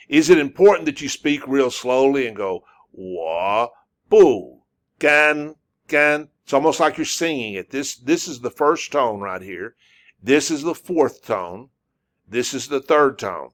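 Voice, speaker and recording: A man teaching a casual spoken lesson as a non-native speaker. He repeats syllables slowly and uses many fillers. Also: mid-range voice, animated. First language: English. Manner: repetitive, drawn-out demonstrations of syllables with frequent fillers. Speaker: language teacher.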